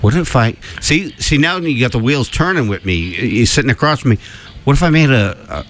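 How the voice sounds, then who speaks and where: A man's voice: mid-range voice, expressive, fairly quick, a bit bright, a little hiss or hum. A man hosting a radio show in casual, rambling chat, full of fillers and laughter.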